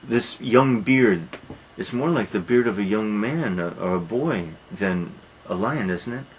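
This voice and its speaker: A man voicing Cadmus, a broken, gentle old grandfather, speaking slowly and coaxingly during a lecture retelling. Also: lowish voice, lively intonation, slight background noise, poor audio.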